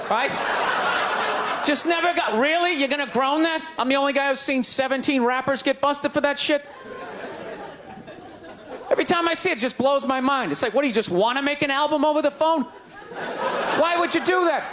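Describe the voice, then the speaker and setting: Ranting male stand-up comic, high voice. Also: background noise. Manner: ranting, incredulous, shouting punchlines. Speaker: stand-up comedian. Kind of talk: stand-up routine. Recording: live club with crowd laughter.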